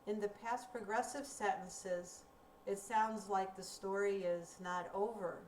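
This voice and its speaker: A woman teaching a recorded grammar lesson, speaking slowly and clearly in a deliberate teaching manner. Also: mid-range voice, steady tone, a little mellow. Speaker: ESL teacher. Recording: roomy, distant mic with faint room noise.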